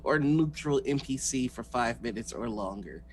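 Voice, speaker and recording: A man playing in a tabletop game, asking rules questions in a halting way with restarts. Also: medium pitch, animated. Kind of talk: casual chat.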